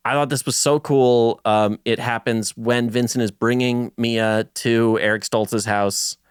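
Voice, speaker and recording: A man's voice: mid-range voice, a little slow, clear, resonant tone, no room sound, studio quality. A man co-hosting a casual film podcast, telling stories animatedly and acting out quotes. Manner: animated storyteller who acts out quotes. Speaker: podcast co-host. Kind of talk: casual film-discussion chat.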